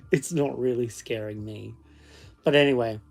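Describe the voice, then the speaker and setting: A man's voice: mid-range voice, a little slow, creaky, soft background music. A man vlogging in casual chat to the camera, joking and talking to his toys and his cat.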